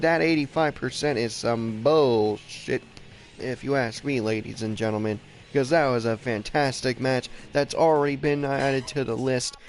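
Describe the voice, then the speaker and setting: A man commentating wrestling matches, hollering at big moves and keeps calling out to the ladies and gentlemen. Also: fairly high pitch. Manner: shouts and hollers at big moves, calm between them. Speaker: play-by-play commentator of a video game wrestling tournament. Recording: loud game music and crowd noise behind.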